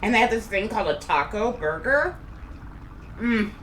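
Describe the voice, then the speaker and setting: A woman's voice: mid-range voice, animated, moderate pace, fairly bright tone. A middle-aged woman from Kansas, chatting casually and rambling as she live-streams from home. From Kansas, USA. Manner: rambling, chatty, talks while eating. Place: home room. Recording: echoey room, faint background noise.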